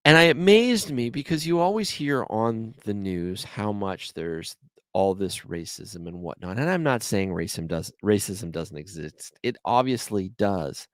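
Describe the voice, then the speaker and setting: A man's voice: on the low side, lively intonation, unhurried, no room sound. A man with a Canadian accent hosting a podcast alone, telling stories in a chatty, rambling way. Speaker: podcast host. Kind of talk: solo podcast chat.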